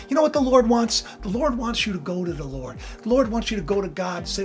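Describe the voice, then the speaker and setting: A hoarse, tired man preaching from scripture to his viewers, swinging from quiet, intimate talk to loud fervor. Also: high-pitched, very animated, quick pace, few pauses, faint music behind. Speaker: online preacher, channel host. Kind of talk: impassioned scripture preaching to camera.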